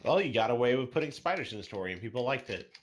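A man hosting a casual podcast, reading listener questions aloud in a lively, animated way. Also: mid-range voice, very fast.

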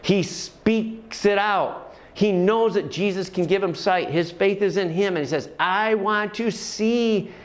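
Passionate preacher with a fairly high voice. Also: male voice, unhurried, hardly any pauses. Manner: passionate storytelling preacher, repeats phrases for emphasis. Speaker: pastor. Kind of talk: sermon.

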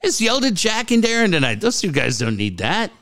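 A man talks on the radio with a voice that leaps all over, sitting a bit high. He swears a lot and laughs at himself while trading stories with his co-host. It is loose, casual banter. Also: big pitch swings, fast talker, fairly bright tone. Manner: profane, self-mocking, laughs while talking.

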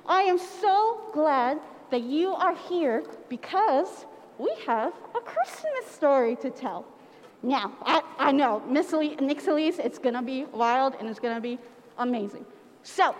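A woman with a high, bright-sounding voice leads a playful Christmas pageant, coaxing everyone to act along. Her voice rings with the long reverb of a church sanctuary. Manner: animated, playful, coaxing the audience to join in. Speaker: children's pageant leader at church. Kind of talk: interactive storytelling for children.

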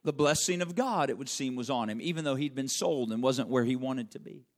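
A man preaching a sermon in a dramatic way, swinging from loud stretches to hushed ones. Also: mid-range voice, brisk. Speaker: pastor.

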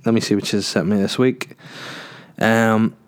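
A man's voice: lowish voice, steady tone, measured pace, smooth. A man hosting a solo podcast in a rambling, jokey, sweary casual chat. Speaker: podcast host.

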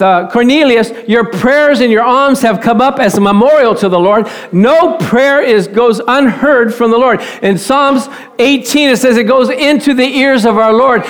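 Male preacher, middle-aged, high voice, fervent delivery, sermon. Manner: fervent, swings from loud praise to soft storytelling.

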